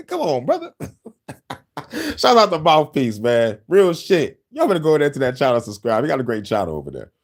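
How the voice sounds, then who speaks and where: A man's voice: mid-range voice, huge pitch swings, normal speed. A man hosting casual podcast talk, boastful and profane, breaking into laughter often. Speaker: host.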